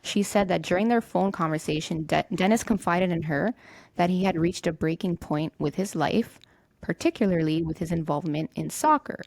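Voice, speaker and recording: A woman's voice: lowish voice, normal speed, creaky, darkish tone, no room sound. A young woman hosting a podcast, telling a true-crime story in a loose, conversational way and swearing casually. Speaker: podcast host.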